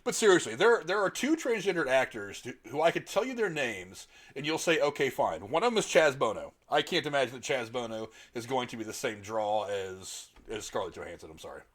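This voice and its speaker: A man's voice: medium pitch, lively intonation, brisk, few pauses, a bit bright. A middle-aged man hosting a podcast, arguing his opinions bluntly in casual, profane talk. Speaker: podcast host.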